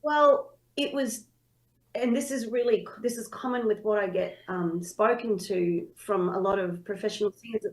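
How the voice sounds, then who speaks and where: Woman, singer and teacher, interview guest, animated storyteller. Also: medium pitch, moderate pace, rough recording. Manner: animated, expressive storyteller who acts out her own past thoughts.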